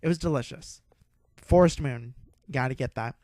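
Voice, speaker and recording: A young man hosting a podcast, telling a rambling, excitable story with a lot of swearing and laughter. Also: medium pitch, moderate pace, no echo. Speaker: podcast host. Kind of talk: casual storytelling.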